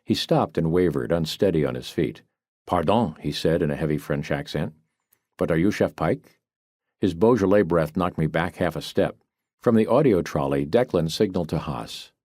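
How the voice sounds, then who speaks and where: A man narrates an audiobook in first person with a very low, deep voice and a lively, swinging delivery. He sounds wry and quick with a joke. The recording is close and dry, with no room sound. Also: dry recording. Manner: wry, brisk, wisecracking storytelling. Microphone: studio microphone, close.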